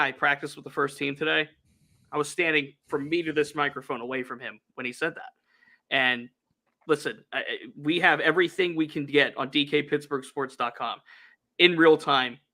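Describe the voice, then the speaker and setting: A man's voice: a little high, fairly even intonation, moderate pace, sharp tone. A man hosting a sports podcast as the team reporter, talking energetically and emphatically, promoting his coverage. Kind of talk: casual sports podcast chat.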